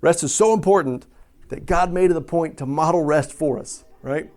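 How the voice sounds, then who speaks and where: Conversational preacher, slightly high-voiced man. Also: moderate pace, a little mellow. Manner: conversational, asks questions and tags lines with "right?". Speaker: pastor. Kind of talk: sermon.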